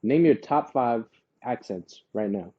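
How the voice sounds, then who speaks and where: A man's voice: mid-range voice, lively intonation, a little slow, dark tone, slightly rough, muffled recording. A man co-hosting a podcast, talking casually in a rambling way with lots of fillers and restarts. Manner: laid-back, rambling with many fillers and restarts. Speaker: podcast co-host. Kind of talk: casual chat.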